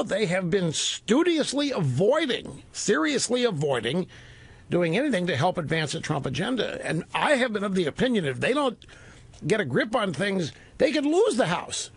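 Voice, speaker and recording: Gravelly, animated male radio host. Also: dry recording. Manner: emphatic, animated, sweeping pitch swings. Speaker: radio talk show host. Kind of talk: opinionated call-in radio talk. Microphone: studio microphone. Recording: dry close studio sound.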